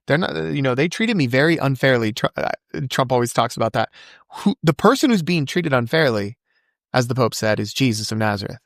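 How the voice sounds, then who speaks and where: A man speaking as a podcast guest in casual conversation, fervent and quick to recite scripture from memory. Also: expressive, no room sound, studio quality. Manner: acts out quoted voices with big pitch jumps.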